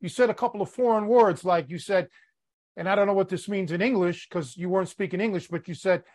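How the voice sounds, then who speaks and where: A man from Chicago hosting a podcast, teasing and swearing casually in relaxed chat. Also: high voice, fast talker. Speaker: podcast host.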